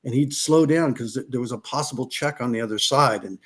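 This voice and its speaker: A man's voice: medium pitch, fairly quick, fairly bright tone, slightly rough. A middle-aged man from California, a podcast guest telling motocross stories in a casual, rambling way, restarting sentences and acting out what others said. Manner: rambling, restarts, acts out quotes. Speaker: podcast guest, former off-road racer. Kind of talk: casual storytelling.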